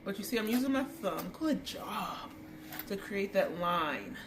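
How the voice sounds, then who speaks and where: A woman's voice: mid-range voice, lively intonation, moderate pace. A chatty woman dog groomer walks through a grooming tutorial, breaking off to coo baby talk at the dog. Her mid-range voice bounces around a roomy space, with a faint hum of background noise. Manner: chatty, coos baby talk at a wiggly dog between explanations.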